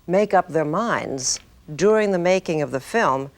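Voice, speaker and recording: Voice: mid-range voice, lively intonation, measured pace. An interviewee recalling a film production in an amused, chatty way. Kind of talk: interview recollection.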